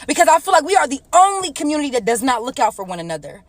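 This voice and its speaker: A woman's voice: high-pitched, big pitch swings, racing, dry recording. A woman giving blunt, earnest commentary to camera, with the odd swear word. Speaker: content creator.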